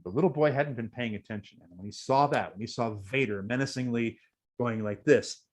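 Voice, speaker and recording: A man's voice: mid-range voice, brisk, low-quality recording. A man guest in a casual interview, telling heartfelt stories with many fillers and restarts. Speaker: guest, costume performer.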